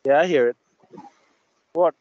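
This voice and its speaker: A man's voice: on the high side, measured pace, darkish tone, no echo. A man hosting a podcast, telling blunt, profane stories in casual chat. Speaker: podcast host. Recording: dull lo-fi mic.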